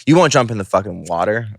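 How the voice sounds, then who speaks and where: A man's voice: on the low side, lively intonation, a little fast, vocal fry, no echo, clean studio sound. A man co-hosting a podcast in casual chat, loose and swearing, laughing easily. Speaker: podcast co-host.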